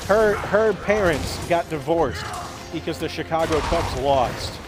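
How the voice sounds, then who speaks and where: A man hosting a gaming video, telling a rambling, absurd story in a deadpan way and acting out quoted lines in voices. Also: a little high, measured pace, over music. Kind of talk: rambling comedic monologue while gaming.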